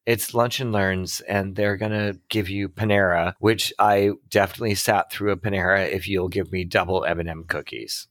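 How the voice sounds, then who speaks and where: Man, low voice, casual podcast chat, filler-heavy, dry close sound. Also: steady tone, moderate pace, hardly any pauses, a bit bright, no echo. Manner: chatty, laughing, lots of "like" fillers. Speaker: podcast co-host.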